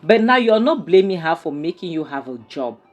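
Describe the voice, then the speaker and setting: Talking quickly and clearly fed up, a woman reviews a film episode, her recap crowded with "um" and "you know." She has a lowish, sing-song voice and a casual commentator's manner.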